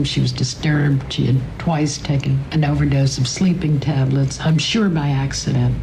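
A woman's voice: low-pitched, creaky, dark tone, slight background noise, low-quality recording. An older woman reminiscing in an interview, reflective and tender as she tells her story.

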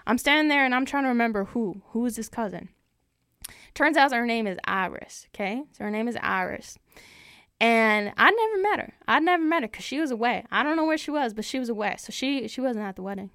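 A woman's voice: a little high, lively intonation, brisk, a bit bright, no echo, clean studio sound. A woman playing a folksy heartbroken cowboy. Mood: indignant folksy. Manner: folksy, repeats phrases for emphasis. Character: heartbroken male lone cowboy rancher, proud. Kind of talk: improvised comic storytelling.

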